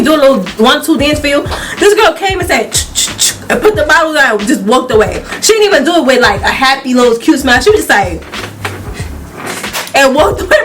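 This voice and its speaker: A young woman telling a casual story-time tale to her viewers, animated, laughing often and acting out the people she quotes. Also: high voice. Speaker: YouTuber.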